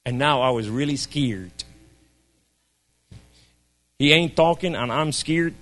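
A man giving an impassioned testimony sermon, swinging between loud cries and hushed, low speech. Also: slow pace.

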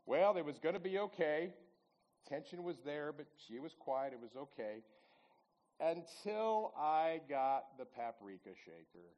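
A man's voice: a little high, big pitch swings, unhurried, a little mellow, rough recording. A man in his sixties giving a folksy storytelling talk at church, chatting with the audience and asking them questions. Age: 60s.

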